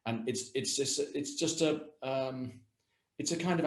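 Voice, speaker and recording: A man's voice: mid-range voice, unhurried. A man coaching viewers on voice and posture in a webinar, demonstrating as he talks over a video call. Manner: lively, hands-on, demonstrating as he speaks. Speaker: communication and voice coach. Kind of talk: webinar talk with practical exercises.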